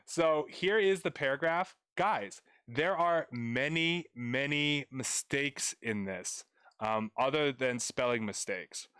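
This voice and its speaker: A man's voice: mid-range voice, slow, pushed and bright, clear, resonant tone, dry recording, studio quality. Chatty young male tutor on stream. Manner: chatty, playful, addresses chat viewers directly. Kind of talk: live-streamed grammar lesson.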